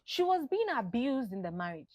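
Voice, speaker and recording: An earnest woman delivers an impassioned monologue of heartfelt advice, exclaiming often and mixing local words into her English. Her voice is a little high and sing-song with a darkish tone, moving at normal speed with no echo.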